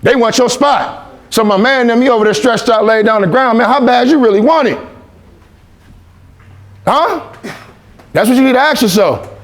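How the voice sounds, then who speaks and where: A man's voice: extremely high pitch, moderate pace, pauses often. A man giving a motivational speech to a youth team, repeating phrases and leading call-and-response. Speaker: motivational speaker.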